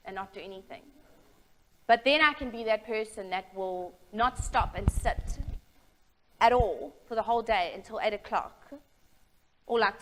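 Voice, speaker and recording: A young woman giving a candid, halting personal testimony about her recovery, with frequent fillers and restarts. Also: on the high side, a bit bright, poor audio. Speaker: speaker sharing a recovery story.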